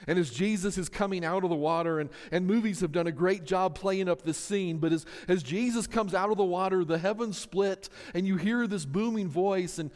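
Storytelling preacher with a high voice. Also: male voice, big-room sound. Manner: storytelling, animated, frequent repeated "and". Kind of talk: sermon.

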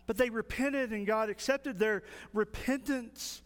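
A male pastor preaching a folksy, animated sermon. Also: very high-pitched, measured pace, clean tone, big-room sound.

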